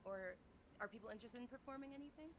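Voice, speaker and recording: A bubbly woman hosting a group voice chat, talking fast and tumbling from one idea to the next. She giggles often. A faint hum sits under her voice. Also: on the high side. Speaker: streamer host.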